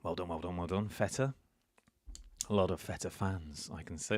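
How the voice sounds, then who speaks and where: Animated man hosting a live quiz. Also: on the low side, moderate pace, no room sound, studio quality. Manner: chatty, reads out viewers' answers and names; playful, jokes about his own pronunciation. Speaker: quiz host. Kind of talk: live-streamed quiz chat.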